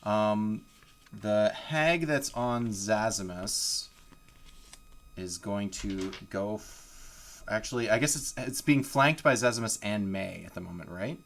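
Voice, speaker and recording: A man's voice: lowish voice, slow pace, a bit bright. A man running a live tabletop game as game master, narrating in a casual, rambling way full of fillers.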